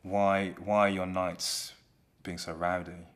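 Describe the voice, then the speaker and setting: A man voicing a cold, scheming eldest daughter of a king, sharp and scolding. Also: low-pitched, little pitch movement, takes it slowly.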